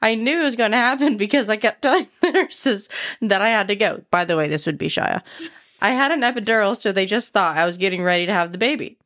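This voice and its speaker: A woman's voice: medium pitch, fast, fairly bright tone. A young pregnant woman hosting a podcast, reading listener stories aloud and chatting casually, giggly and apologetic over slips. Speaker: podcast host.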